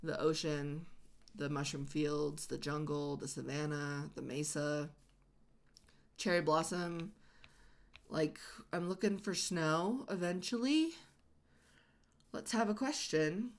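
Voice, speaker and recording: Chatty woman with a low voice. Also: takes it slowly, long pauses. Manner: chatty, rambling, many "like" fillers. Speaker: gaming channel host. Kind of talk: casual let's-play commentary.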